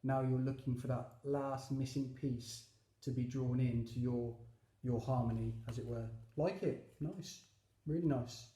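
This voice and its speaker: A man's voice: mid-range voice, steady tone, unhurried, warm tone, reverberant. A man giving a chatty, enthusiastic tarot reading, with many fillers and asides. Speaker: tarot reader.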